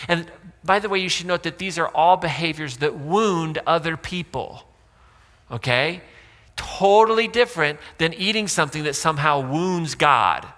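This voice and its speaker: A man's voice: a little high, lively intonation, moderate pace, sharp tone, big-room sound. A man pastor giving a sermon in a casual, joking way, with asides to the congregation. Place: church sanctuary.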